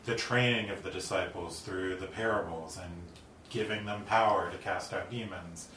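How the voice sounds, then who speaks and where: Man, very low voice, earnest casual faith talk, echoey room, distant mic. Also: moderate pace, sharp tone, slight background noise. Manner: earnest, with frequent likes and ums. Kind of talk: casual discussion about faith.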